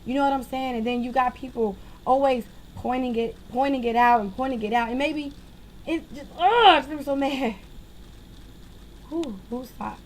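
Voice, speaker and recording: Young-sounding woman with a raised pitch, venting at home into a webcam. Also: brisk, a little hiss or hum, rough recording. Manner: animated, exasperated ranting. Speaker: vlogger. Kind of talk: casual venting monologue.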